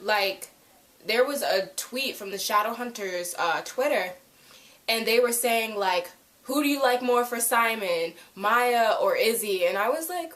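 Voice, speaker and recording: A woman's voice: fairly high pitch, moderate pace. Chatty young woman reviewing a show. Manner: animated, swings between loud outbursts and hushed asides; frequent "like" fillers, slangy. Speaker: TV episode reviewer. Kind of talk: casual vlog review.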